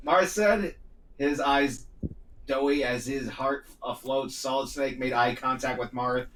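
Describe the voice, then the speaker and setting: A man hosting a casual talk show, reading a story aloud in a halting way with frequent restarts. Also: mid-range voice, a bit bright. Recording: roomy echo, distant mic, faint noise.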